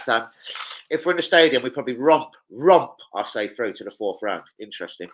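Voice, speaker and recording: This young man speaks with a London accent in a mid-range, slightly bright voice that is expressive and fairly quick. Hosting a casual livestream indoors at home, he reads comments aloud and swears freely in laddish banter, on a rough recording.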